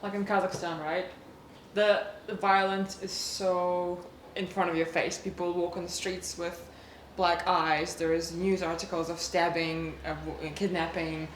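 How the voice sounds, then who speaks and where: A female interviewer with a slightly low voice speaks softly and hesitantly, often letting her sentences trail off. The recording is roomy and echoey, with faint ambient noise behind her. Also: flat delivery, measured pace. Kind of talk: conversational interview. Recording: roomy echo.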